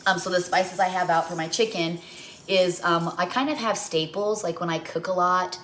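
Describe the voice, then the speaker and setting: A woman's voice: fairly low pitch, fairly even intonation, normal speed, a bit bright, a little hiss or hum. Chatty woman cooking on a livestream. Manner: rambling, storytelling, talks to viewers while cooking. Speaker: home cooking livestream host.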